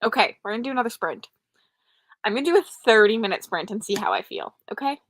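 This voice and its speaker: Her voice sits on the high side, animated and fast, recorded dry. A young woman running a late-night livestream, she's tired but chatty, making fun of herself and answering the chat in casual live conversation.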